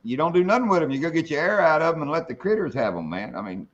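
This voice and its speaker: A man hosting a fishing live stream tells hunting stories in a drawling, salty manner, his voice on the high side, very animated, and rapid-fire. The casual chat comes through in dull, lo-fi stream audio.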